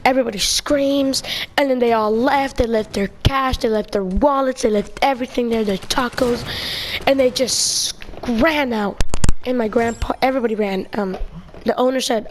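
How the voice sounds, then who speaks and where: A woman's voice: a little high, fairly even intonation, normal speed, a little hiss or hum. A young woman telling a long personal story in a casual vlog, rambling with lots of fillers and restarts. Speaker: video creator.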